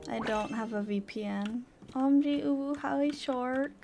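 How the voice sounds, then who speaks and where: A woman streaming a cozy game with a high voice. She chats at a slow, easy pace, cooing and squealing over small finds and tossing in a casual swear. Soft music plays faintly behind her. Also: creaky. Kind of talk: casual live-stream chatter.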